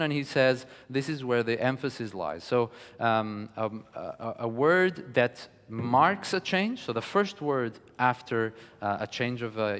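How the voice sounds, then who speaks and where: A man giving a lecture on music, speaking in a measured, thoughtful way with frequent pauses. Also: mid-range voice, fairly bright tone. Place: studio hall. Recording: long reverb of a studio hall.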